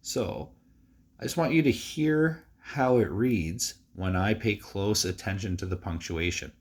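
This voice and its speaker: Male teacher, lowish voice, easygoing recorded lesson for young students, reads aloud with big expression. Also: unhurried, breathy edge. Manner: relaxed, chatty, with frequent fillers.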